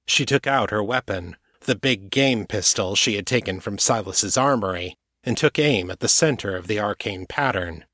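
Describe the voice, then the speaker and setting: A man narrating an audiobook chapter in a steady, even storytelling manner. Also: on the low side, normal speed, few pauses, no room sound, clean studio sound.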